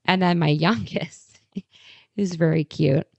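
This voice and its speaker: A woman's voice: fairly low pitch, slow, creaky, dry recording, highs cut off. A woman in her thirties co-hosting a podcast, telling candid stories and affirming her co-host. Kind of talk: casual chat.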